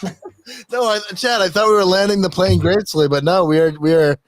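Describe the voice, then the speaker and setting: A man's voice: high voice, fast talker, dry recording, shouting. A man hosting a podcast in casual chat, reading contributor bios aloud in a rambling, joking way that is full of swearing and laughter. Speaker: podcast host.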